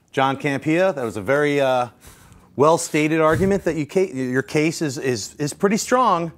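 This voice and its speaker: A man makes his case in a mock courtroom debate, stumbling and restarting as he goes. His voice sits somewhat high for a man. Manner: halting, with many fillers and restarts.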